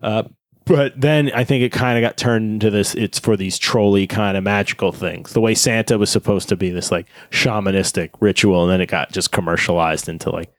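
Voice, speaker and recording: A man's voice: lowish voice, steady tone, fairly quick, dry recording, studio quality. A man in casual podcast chat, rambling and nerdy, with filler words and casual swearing.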